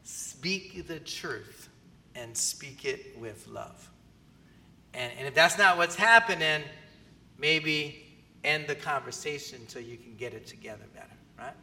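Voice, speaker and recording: A man preaching a sermon as pastor, animated and often asking the audience questions. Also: on the high side. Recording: long hall reverb.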